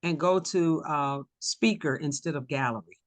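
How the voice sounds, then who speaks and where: A speaker with a Southern US accent, talking casually on a video call, relaxed and chatty with frequent laughs. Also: medium pitch, moderate pace, no room sound. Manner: relaxed, chatty, laughs often, restarts sentences. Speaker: teacher selling an online course.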